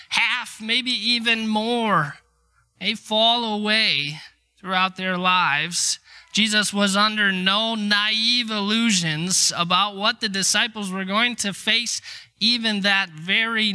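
A man's voice: high voice, pushed and bright, clear, resonant tone. A middle-aged man preaching a sermon in a conversational, emphatic way, acting out the quotes he tells. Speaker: pastor.

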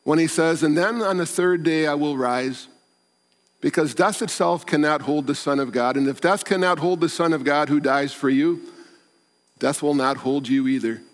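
A man's voice: fairly high pitch, normal speed. A man preaching a sermon as pastor, earnest and pleading, repeating words for emphasis. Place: church. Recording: long church reverb.

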